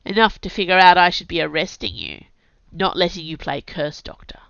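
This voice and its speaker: Woman with a cold doing a gruff sergeant guy, slow drawl, measured, low-ish, dull dry audio. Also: expressive, a bit bright, dry recording. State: has a cold.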